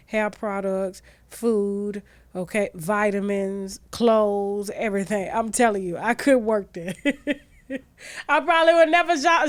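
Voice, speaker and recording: A woman's voice: fairly high pitch, no echo. A woman hosting a gossip commentary show, ranting in a brash, profane, rhetorical way. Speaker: host.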